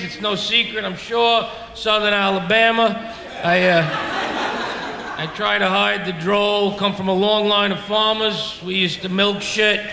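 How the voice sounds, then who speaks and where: A man's voice: high-pitched, gravelly, noisy background. Brash New York stand-up man. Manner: brash, profane, self-mocking. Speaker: stand-up comedian. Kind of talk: stand-up comedy set. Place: brewery stage before a live crowd. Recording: echoey hall with audience laughter.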